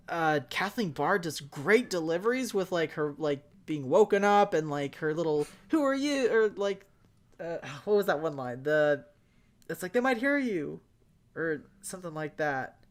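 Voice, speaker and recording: In a casual fan discussion, this young co-host rambles excitedly, full of filler words and abrupt flashes of enthusiasm. He speaks a touch high and a bit slowly.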